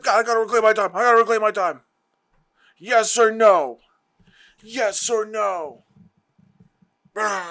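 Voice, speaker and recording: Sneering congressman, as a man mimics him, high loud voice, interrupting. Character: mocking imitation of a male congressman.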